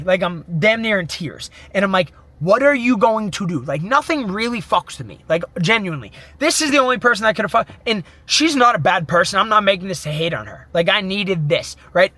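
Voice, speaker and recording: A man's voice: sits high, bright, forceful tone, no room sound. A young man in his twenties, a mindset coach, giving an intense, profane motivational monologue full of self pep talk.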